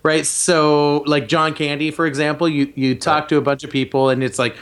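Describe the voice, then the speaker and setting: A man in a casual podcast chat, speaking in a jokey, lively way and sliding into quick impressions. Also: on the high side, smooth.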